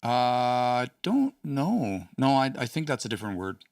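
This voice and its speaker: A man's voice: mid-range voice, sing-song, unhurried, creaky, a little mellow, no room sound, clean studio sound, recorded from a distance. A man hosting a casual study session, thinking aloud with hesitant restarts and small chuckles. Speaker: host studying a language.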